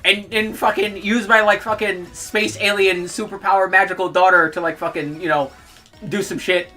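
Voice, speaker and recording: A woman's voice: medium pitch, steady tone, normal speed, bright, forceful tone, faint music behind. A young adult woman streamer ranting in heated, profane commentary and laughing between outbursts.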